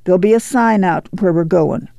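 A woman's voice: on the low side, normal speed, vocal fry, dark tone, no echo, studio quality. A man voicing a weary but firm farm mother who gives orders in folksy rural dialect.

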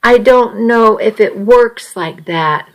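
Slow, earnest teenage boy, uneasy and reasoning aloud, read by a woman. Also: fairly high pitch, poor audio. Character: earnest, worried seventeen-year-old boy. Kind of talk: audiobook dialogue reading.

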